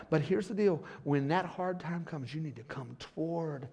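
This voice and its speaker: A middle-aged male pastor preaching a sermon in a church, dropping to a hush and then building to shouts, laughing along with the congregation. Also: on the high side, moderate pace, vocal fry, few pauses. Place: church sanctuary.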